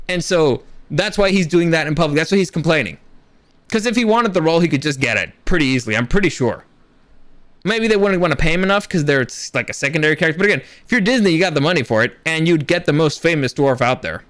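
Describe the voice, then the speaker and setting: A young man hosting a commentary show, ranting in a sarcastic, profane, animated way. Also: on the high side, fast. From Latino background. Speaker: commentary host.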